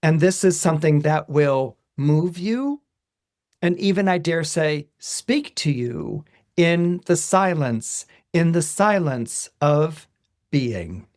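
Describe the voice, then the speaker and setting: A man, an astrologer, explaining horoscopes to listeners in a deliberate way. He keeps checking in with "okay?" and slows down on the phrases he wants to stress. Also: on the high side, expressive, a little mellow, no room sound, clean studio sound.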